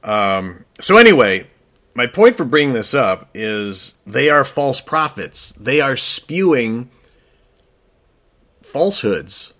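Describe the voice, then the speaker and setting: A man co-hosting an opinion talk show in a casual chat, talking emphatically and rising in pitch when he gets worked up. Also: big pitch swings, slow pace, a bit bright. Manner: frequent fillers and restarts. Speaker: co-host.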